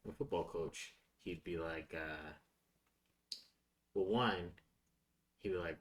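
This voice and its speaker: A man's voice: low voice, slow, long pauses, a little hiss or hum. A man co-hosting a podcast, telling stories in casual chat and laughing through them. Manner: animated storyteller, laughs through his lines. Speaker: podcast co-host. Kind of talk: casual storytelling.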